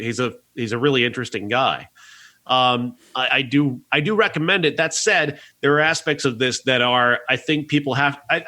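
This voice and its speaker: Male podcast critic, bright edge to the voice, earnest rambling delivery. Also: mid-range voice. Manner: earnest, rambling, frequent restarts and laughs. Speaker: podcast movie reviewer. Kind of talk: casual review chat.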